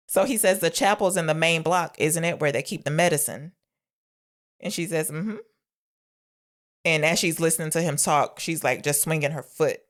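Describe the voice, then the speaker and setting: Young female co-host, low voice, casual film-recap chatter. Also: a little slow, pauses often. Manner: retells scenes, acting out lines. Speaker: podcast co-host. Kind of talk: casual movie review chat.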